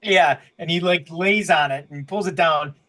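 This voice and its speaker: Acting as game master for a tabletop game, a man describes the scene in a rambling way, full of fillers and restarts. His voice is a little high and fairly bright, at a moderate pace.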